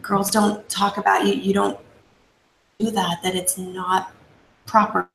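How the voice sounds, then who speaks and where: Gravelly-voiced woman host in echoey room. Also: medium pitch, level tone, a little slow, a bit bright, a little hiss or hum. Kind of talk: casual interview chat.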